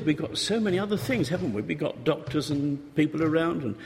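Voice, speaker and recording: A man's voice: on the high side, big pitch swings, fairly quick, creaky, hardly any pauses, a little mellow. A man preaching a sermon, conversational and full of rhetorical questions, sometimes acting out desperate pleas. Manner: conversational, rhetorical questions, acts out pleading voices. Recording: reverberant hall, faint noise.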